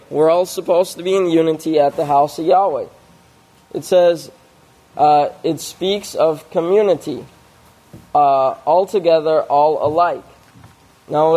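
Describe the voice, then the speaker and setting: A man delivers a sermon-style scripture study at an unhurried pace. His voice sits somewhat high for a man. He reads passages aloud, then works through word meanings with small fillers and restarts. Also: a little mellow. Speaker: preacher.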